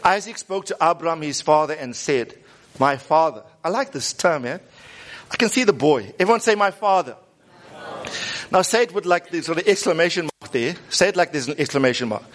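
A man, preaching a lively sermon and coaxing the congregation to repeat lines after him. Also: a little high, fairly quick. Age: 50s. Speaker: pastor.

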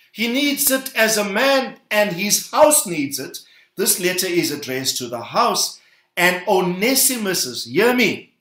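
A male pastor delivers a sermon, his fairly high voice leaping up to stress key words. He calls the congregation to repeat phrases after him. The sound rings through a roomy, reverberant hall. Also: fairly bright tone. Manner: emphatic, rising bursts, calls the congregation to repeat.

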